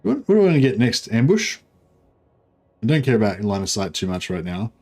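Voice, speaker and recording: Man, game streamer, casual rambling commentary, somewhat low voice. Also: very animated, fairly quick, darkish tone, soft background music. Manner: rambling, lots of fillers and restarts. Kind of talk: casual livestream commentary while gaming.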